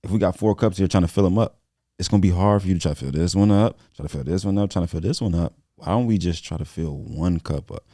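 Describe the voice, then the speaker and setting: A man with a very deep, dark voice who talks fast and earnestly as a guest on a podcast. He repeats his points to drive them home, and the recording is dry and close. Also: no room sound. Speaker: guest entrepreneur. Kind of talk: casual podcast interview.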